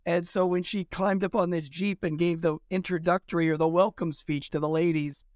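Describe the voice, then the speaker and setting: A male historian telling lively anecdotes in an interview, acting out quoted dialogue as he goes. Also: a little high, normal speed, no echo, studio quality. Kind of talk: storytelling in an interview.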